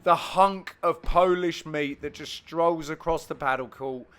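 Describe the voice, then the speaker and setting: A man's voice: a little high, measured pace, smooth. Cheeky Cockney man bantering over match clips. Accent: London Cockney. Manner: cheeky, banter-filled, bursts of loud exclamations. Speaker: amateur padel commentator. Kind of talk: joking commentary over match footage.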